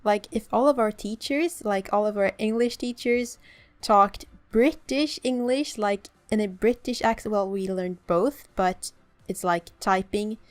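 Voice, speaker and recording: A woman's voice: mid-range voice, a little slow. Young swedish woman talking thru her game build, chatty and a bit self-deprecating. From Sweden. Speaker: let's play host. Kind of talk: casual gameplay commentary.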